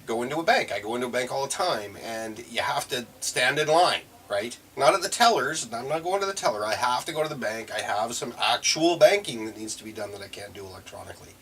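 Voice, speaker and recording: Talking casually to the camera in a reflective vlog, a man rambles and corrects himself, chuckling often. His mid-range voice is lively, fairly quick, and a bit bright. The mic is a little far away, and faint room noise can be heard.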